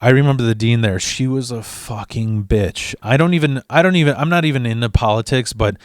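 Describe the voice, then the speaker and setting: A man's voice: mid-range voice, brisk, no room sound, studio quality. Profane fired-up man telling a story. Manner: profane, fired-up, stumbling restarts. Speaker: podcast host. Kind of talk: casual storytelling. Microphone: studio mic.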